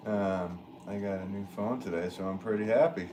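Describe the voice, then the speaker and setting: A man, a potter, chatting casually on a livestream and reading out viewer comments, relaxed and joking, with frequent chuckles. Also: on the low side, normal speed, a little hiss or hum. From northwest Connecticut. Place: pottery studio.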